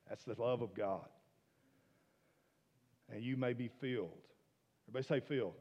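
A man preaching a sermon, swinging from soft hushed asides to loud emphatic declarations. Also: lowish voice, steady tone, quick pace, big-room sound, muffled recording. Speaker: pastor.

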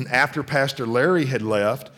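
A man's voice: medium pitch, measured pace, a bit bright. A middle-aged man preaching a sermon in a conversational way, often asking the congregation questions. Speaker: pastor.

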